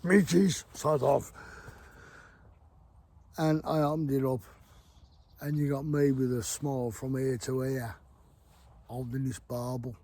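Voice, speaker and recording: A man's voice: mid-range voice, little pitch movement, normal speed, long pauses, warm tone. A middle-aged man, telling a rambling fishing story to camera by a river, blunt and free with swearing. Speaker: fishing vlogger. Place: outdoors by a river.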